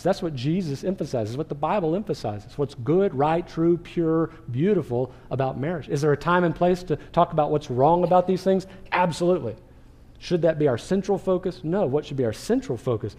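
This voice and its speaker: A male pastor preaching a sermon with a fairly high but mellow, warm voice. He keeps it conversational, throwing rhetorical questions at his listeners.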